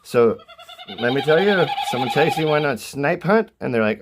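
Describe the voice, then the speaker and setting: A man's voice: mid-range voice, animated, normal speed. A man hosting an irreverent comedic walkthrough of a bird sound book, swearing freely and rambling between mock-serious asides. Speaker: host reading through a bird sound book. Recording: noisy recording with bird calls playing. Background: bird calls played from a sound book.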